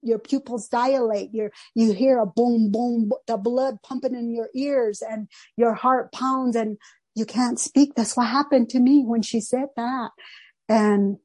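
A middle-aged woman whose first language is not English gives a personal testimony about her recovery. Her voice sits a little high, and she talks in a rambling, emotional way, full of restarts and fillers. The sound is close and dry. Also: fairly even intonation, unhurried, a little mellow, dry recording. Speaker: recovery meeting speaker.

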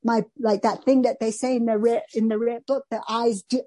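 A middle-aged woman whose first language is not English gives a personal testimony about her recovery. Her voice sits a little high, and she talks in a rambling, emotional way, full of restarts and fillers. The sound is close and dry. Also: flat delivery, moderate pace, warm tone, dry recording. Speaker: recovery meeting speaker.

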